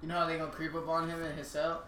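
A man co-hosting a casual chat, wisecracking with quick asides. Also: a little high, monotone, pushed and bright, slight background noise. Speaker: podcast co-host. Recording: roomy, distant room mic.

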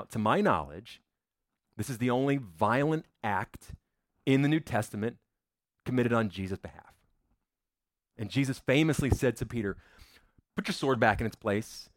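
A man preaching a sermon as pastor, dramatic, dropping to a hush and rising again. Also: mid-range voice, no room sound, clean studio sound. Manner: dramatic, swings from loud to hushed.

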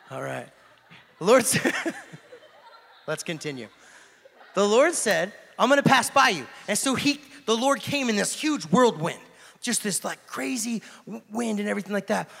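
A man preaches in a loose, joking style, shifting between animated storytelling and a hushed, intense delivery. His voice sits a bit high for a man and has a gravelly edge. The sound carries a long hall reverb. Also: moderate pace, pauses often. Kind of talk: casual sermon. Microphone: handheld microphone.

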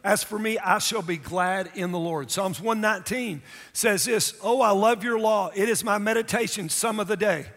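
High-voiced emphatic male preacher. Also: moderate pace, fairly bright tone. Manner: emphatic, calls for audience response. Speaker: pastor. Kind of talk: sermon. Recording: long hall reverb.

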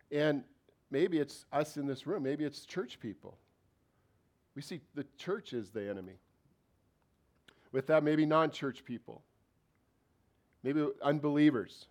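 A man's voice: mid-range voice, a little mellow. Conversational male pastor preaching. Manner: conversational, asks the congregation many questions. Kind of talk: sermon. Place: church.

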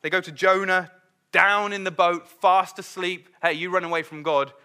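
A middle-aged man preaching a sermon in a lively, conversational way, acting out the voices he quotes. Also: high voice, moderate pace, clean tone.

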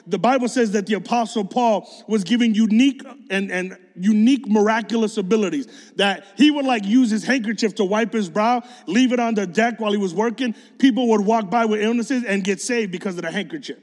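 A man's voice: high-pitched, a little fast, hardly any pauses, darkish tone. A male preacher giving a sermon in a casual, slangy storytelling manner. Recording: long hall reverb.

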